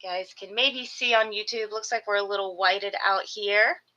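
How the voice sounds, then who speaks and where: A woman's voice: mid-range voice, fairly even intonation, moderate pace, bright, forceful tone, highs cut off. A woman hosting a casual live stream from home, gushing over her pets and slipping into baby talk with them. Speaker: reptile breeder hosting a live sales stream.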